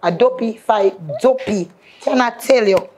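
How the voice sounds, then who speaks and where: A woman's voice: fairly high pitch, unhurried, warm tone. A woman with a Jamaican accent sharing an emotional personal testimony in patois and often calling out to the faithful. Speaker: guest.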